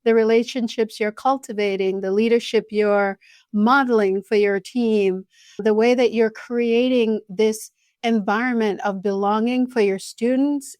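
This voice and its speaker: A woman's voice: on the high side, a little mellow, no room sound. Affirming woman co-host, close dry mic. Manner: affirming, encouraging. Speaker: podcast co-host. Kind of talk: interview hosting.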